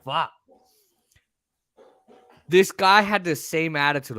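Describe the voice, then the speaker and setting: Casual podcast co-host, male, slightly high voice, bright and lively, profane and animated. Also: takes it slowly, long pauses, no room sound, studio quality. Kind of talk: casual storytelling chat.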